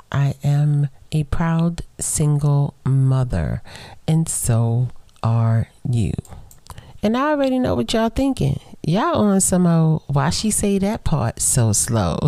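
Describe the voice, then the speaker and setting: A middle-aged woman hosting her own podcast, chatting playfully and straight to her listeners, slowing down to lean on the words she wants to stress. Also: deep voice, sing-song, mellow, no room sound. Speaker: podcast host. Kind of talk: casual solo podcast chat.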